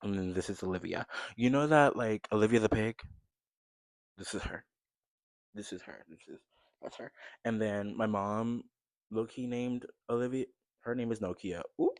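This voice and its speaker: Deep-voiced, chatty young man. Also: normal speed, pauses often, dry recording. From United States. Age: 20s. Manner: chatty, rambling, upbeat when showing things. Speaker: vlogger. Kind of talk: casual chat to camera. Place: his bedroom, in bed.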